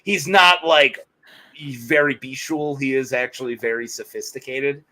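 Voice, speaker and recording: A man's voice: mid-range voice, a little slow, bright, forceful tone, low-quality recording. A man co-hosting a podcast, chatting casually, rambling with frequent laughter. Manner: rambling, laughs often, quotes characters in playful voices. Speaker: podcast co-host. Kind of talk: casual chat.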